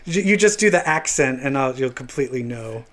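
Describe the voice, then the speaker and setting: A man's voice: medium pitch, animated, brisk, a bit bright. A man co-hosting a podcast in casual, playful chat who laughs often. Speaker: podcast co-host.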